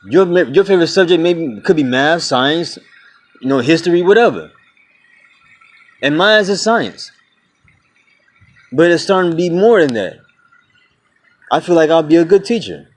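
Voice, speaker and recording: A man in his twenties vlogs a blunt, casual rant to the camera, swearing freely and calling his viewers "y'all" and "man." His voice sits fairly high with lively intonation, and he talks a little slowly with long pauses.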